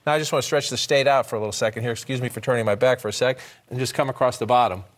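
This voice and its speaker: Live from a TV news studio on election night, a man explains results at a map in a mid-range voice with fairly even intonation. His pace is brisk, and he thinks aloud, often starting over quickly.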